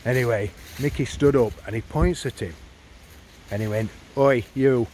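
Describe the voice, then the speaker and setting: A man's voice: mid-range voice, moderate pace, warm tone, slight background noise. A man telling a comic pub tale in a rambling, chatty way. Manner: rambling, chatty, with many fillers. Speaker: comic storyteller.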